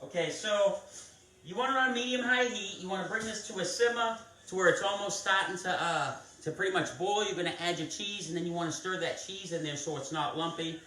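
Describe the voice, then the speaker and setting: A man with a high, fairly quick voice that sounds pushed and bright, with a slight hiss or hum behind it. He hosts a live cooking stream, casually talking viewers through every step of a recipe. The mic sits at a distance in an echoey kitchen.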